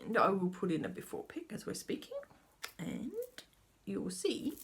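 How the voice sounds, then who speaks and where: A woman's voice: medium pitch, wildly swooping pitch, measured pace, vocal fry, pauses often, fairly bright tone, slightly rough. A woman casually showing her cross-stitch projects in a chatty, rambling way that keeps correcting itself. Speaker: flosstube host.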